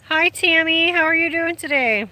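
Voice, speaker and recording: A woman's voice: very high voice, normal speed, dry recording. A woman, hosting a casual livestream outdoors, chatting with viewers over her phone and laughing often. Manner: chatty, warm greetings, frequent laughs. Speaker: livestream host reading viewer comments. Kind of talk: casual live chat. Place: outdoors in sunlight.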